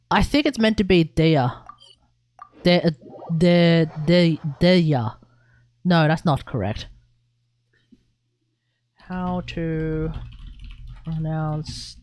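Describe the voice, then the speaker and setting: This young adult speaks at a medium pitch with a slightly mellow tone and an Australian accent. Chatting casually on a game live stream, they ramble, swear freely, and keep restarting sentences.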